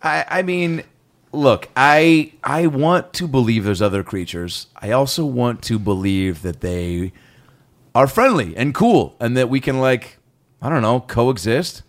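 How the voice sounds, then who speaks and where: Animated, profane male comedy podcaster. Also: medium pitch. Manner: animated, profane, quick asides. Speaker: podcast co-host. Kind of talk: casual comedy podcast chat.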